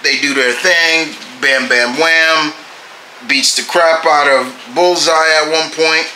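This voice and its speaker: A man casually reviewing comic books, halting and often restarting his phrases. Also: on the high side, steady tone, sharp tone, echoey room, a little hiss or hum, poor audio.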